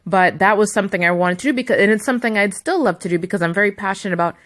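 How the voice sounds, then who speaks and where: A woman's voice: mid-range voice, racing, fairly bright tone. A young adult woman vlogging, telling a story in a chatty, indignant way full of asides. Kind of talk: casual storytelling to camera.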